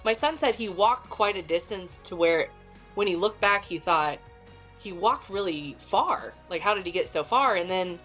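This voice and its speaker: A middle-aged woman with a Midwestern American accent, a podcast guest telling a story in an animated, chatty way. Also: mid-range voice, normal speed, soft background music. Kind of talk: casual storytelling.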